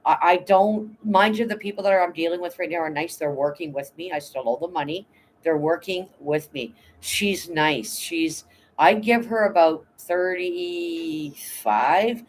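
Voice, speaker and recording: A woman's voice: lowish voice, measured pace, a little hiss or hum, low-quality recording. A middle-aged Canadian woman chatting bluntly and emotionally on a livestream, swearing often and greeting viewers by name. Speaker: livestream host. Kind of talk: casual livestream chat.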